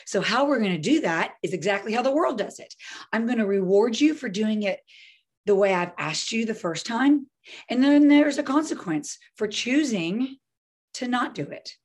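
A woman parenting coach talking through a group coaching session, lively and often acting out scenarios. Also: a little high, moderate pace, breathy edge. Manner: lively, acts out scenarios with voices.

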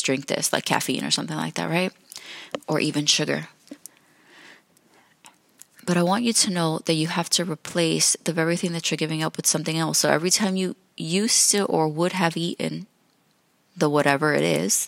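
A woman's voice: low-pitched, gravelly, fairly bright tone, no room sound. A woman hosting a podcast, talking casually and chattily, laughing and correcting herself as she goes. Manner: chatty, laughs often, self-correcting asides. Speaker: podcast host. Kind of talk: casual solo podcast talk.

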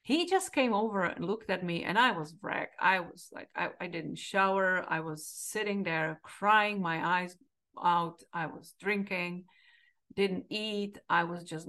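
A woman's voice: on the low side, a little slow, a bit bright. A middle-aged woman from the Czech Republic with a Czech accent, a podcast host telling a candid, reflective personal story. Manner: candid, reflective, quoting herself with emotion.

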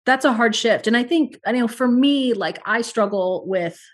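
A woman's voice: on the high side, moderate pace. A woman speaking as a podcast guest, earnest and reflective, talking through her parenting in long flowing thoughts. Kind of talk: podcast interview conversation.

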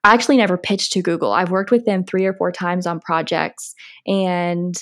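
A young American woman talks as a podcast guest in a relaxed, conversational way. She laughs easily and fills her sentences with "like" as she explains things. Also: lowish voice, moderate pace. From United States. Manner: chatty, laughs often, lots of "like" fillers. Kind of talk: casual interview conversation.

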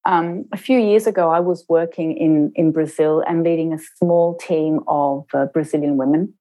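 A middle-aged woman, an intercultural trainer, telling a personal story in a reflective interview and slowing down to stress her points. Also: low voice, fairly even intonation, mellow, rough recording. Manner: measured, slows down to stress points.

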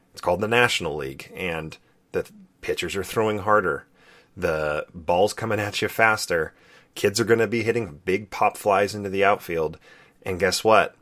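Deep-voiced man telling a heartfelt story. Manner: earnest and reflective, quietly emotional. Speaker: podcast co-host. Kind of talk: personal storytelling.

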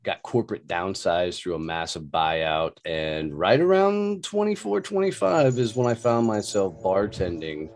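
Low-voiced texas guy, middle-aged, swears a lot, telling stories, voice jumps around. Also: lively intonation, a little slow, hardly any pauses, darkish tone. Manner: profane, colorful storyteller. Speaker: podcast guest. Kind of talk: casual storytelling.

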